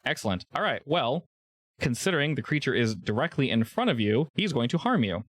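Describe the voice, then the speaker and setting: A man's voice: medium pitch, big pitch swings, a little fast, fairly bright tone, dry recording. A man running a tabletop role-playing game as game master, explaining rules casually with fillers.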